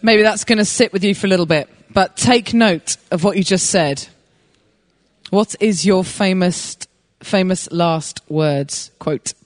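A woman preaching a sermon, telling a personal story in an animated way and laughing as she goes. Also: fairly low pitch, measured pace, long reverb tail.

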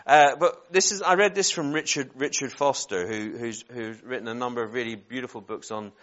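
A man's voice: medium pitch, a little fast, a bit bright, lo-fi sound. Rambling Northern Irish preacher, man. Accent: Northern Irish, softened by years in England. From Northern Ireland. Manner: rambling and self-deprecating, joking asides. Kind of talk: informal sermon.

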